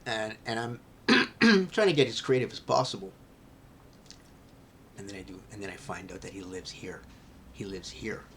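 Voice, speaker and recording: Rambling man confiding, faint rumble. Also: moderate pace, long pauses. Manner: rambling, restarts, drops to hushed near-whispers. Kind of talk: candid personal vlog monologue.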